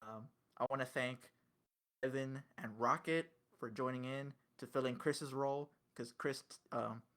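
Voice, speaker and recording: A young man hosting a casual podcast, talking in an animated way with swearing and quick laughs. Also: medium pitch. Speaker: podcast host.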